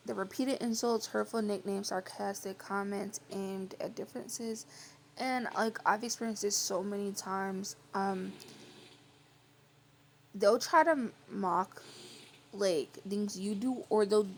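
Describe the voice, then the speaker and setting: Quiet, gravelly young woman vlogging. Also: medium pitch, fairly even intonation, slow, a little hiss or hum. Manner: rambling, filler-heavy with frequent "like"; quiet, soft-spoken. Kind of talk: casual storytelling chat.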